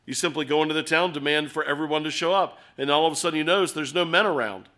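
A middle-aged man preaching an expository sermon, earnest and animated, acting out little scenes as he explains the text. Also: fairly high pitch, quick pace.

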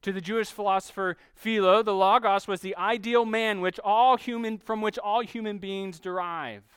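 A man preaching a sermon, teaching steadily and slowing down to stress key phrases. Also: high voice, fairly even intonation, a bit bright, clear, resonant tone, no room sound. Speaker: pastor.

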